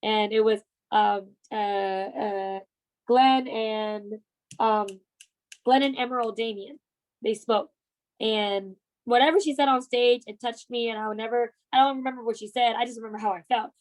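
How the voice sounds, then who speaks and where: A woman in her twenties, a team leader and sales trainer, leads a motivational training talk, emphatic and coaxing, often checking in with "right?". Her fairly high voice holds a steady tone at normal speed, though the audio is poor.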